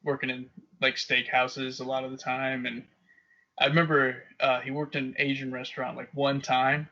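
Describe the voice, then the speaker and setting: A man, co-hosting a casual podcast and telling profane stories with loud impressions. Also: level tone, moderate pace. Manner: profane storyteller, loud high-pitched impressions of his dad. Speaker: podcast co-host. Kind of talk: casual chat. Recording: dull lo-fi podcast audio.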